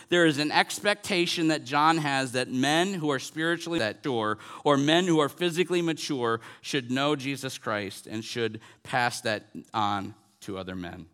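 A pastor in his forties preaches earnestly in a mid-range, slightly bright voice. He repeats phrases and builds toward emphatic peaks.

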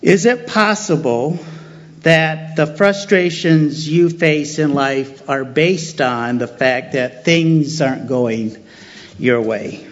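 A man preaching a sermon in a slow, unhurried delivery, his voice sitting a little high for a man. He leans on key phrases by repeating them. The recording sounds dull and lo-fi. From United States. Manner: deliberate, emphatic repetition of key phrases.

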